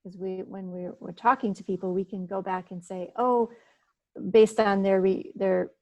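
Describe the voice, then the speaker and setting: A woman's voice: medium pitch, flat delivery, moderate pace, darkish tone, dry recording, lo-fi sound. A woman giving an informal talk at a business meeting, speaking conversationally with frequent fillers and restarts. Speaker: presenter at a business networking meeting. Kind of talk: informal presentation.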